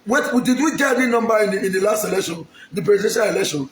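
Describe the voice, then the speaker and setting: A man's voice: high voice, expressive, rapid-fire, roomy sound, slight background noise. A man from Edo State, Nigeria, with a Nigerian accent, making an emphatic, pleading public appeal straight to the camera and repeating his lines. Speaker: aspiring local politician.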